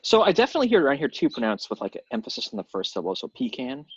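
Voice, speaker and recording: A male podcast co-host with a rough, raspy voice who talks fast. He jokes drily and scatters "like" through his sentences. The sound is dull and lo-fi, dry and close. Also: medium pitch, huge pitch swings, no echo. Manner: filler-heavy, dry humor. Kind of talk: casual podcast chat.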